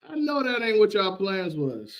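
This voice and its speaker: High-voiced man ranting on a livestream. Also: moderate pace. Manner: animated, repetitive, laughs often. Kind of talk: casual livestream rant.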